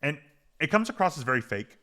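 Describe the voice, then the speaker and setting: Brief: male podcast co-host, bright forceful voice, rambling and filler-heavy, quick to get fired up. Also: fairly high pitch. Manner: rambling, filler-heavy, gets heated and animated. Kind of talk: casual chat recapping a TV episode.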